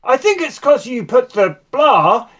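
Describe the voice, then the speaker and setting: A woman's voice: fairly high pitch, sing-song, a little slow, voice pushed up. A woman voicing a four-armed male alien mechanic who speaks in a conciliatory, eager tone in a tabletop game. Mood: placating. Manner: placatory, conciliatory.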